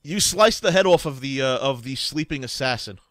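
Animated game-master man. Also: medium pitch, moderate pace, dry recording. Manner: hesitant, laughing, many "uh"s. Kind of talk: narrating a tabletop game.

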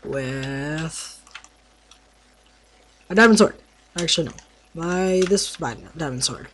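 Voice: mid-range voice, takes it slowly, fairly bright tone, slight background noise. Stumbling, playful game tutorial narrator. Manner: stumbles over words while explaining; playful trash talk at mobs. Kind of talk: casual gameplay commentary.

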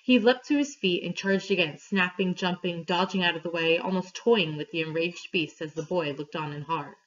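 A woman reading a story aloud to her class, clear and steady, pausing for questions. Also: fairly low pitch. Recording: dull lo-fi recording.

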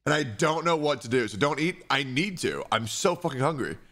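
Chatty young male streamer, lively pitch. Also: brisk. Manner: swearing, reading chat questions aloud and answering. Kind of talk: casual live-stream chat. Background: music playing.

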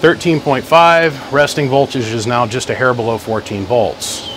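A man talking loudly in his workshop, running a live-stream battery test, calling out "one, two" mic checks and greeting viewers by name. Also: mid-range voice, steady tone, normal speed, a little hiss or hum, rough recording. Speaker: host testing a car-audio battery. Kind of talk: casual live-stream demo. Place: workshop garage. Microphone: phone mic for live feed plus chest mic.

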